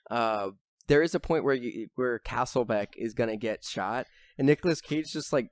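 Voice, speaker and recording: A man's voice: medium pitch, normal speed, smooth, no room sound, clean studio sound. A young man chatting on a podcast, rambling with lots of fillers and now and then swearing as he gets worked up. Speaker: podcast host. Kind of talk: casual chat.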